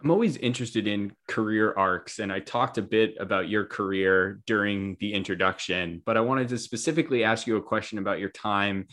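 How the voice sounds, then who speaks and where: Man, interview host, deep voice, measured, thorough questions. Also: a bit bright.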